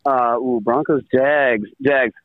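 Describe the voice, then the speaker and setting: A man calling in on the phone, hurried and distracted while getting into a stadium. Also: medium pitch, steady tone, dry recording. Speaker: caller phoning in picks. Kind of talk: rushed phone call. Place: outside a stadium. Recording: muffled phone line.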